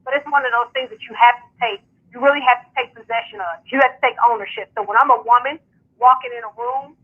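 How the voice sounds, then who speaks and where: A woman who founded and hosts a sports media outlet calls in to a radio show over a phone line. Her husky voice is fairly high-pitched with fairly even intonation, and she talks fast. Upbeat and casual, she describes her work in long runs dotted with fillers.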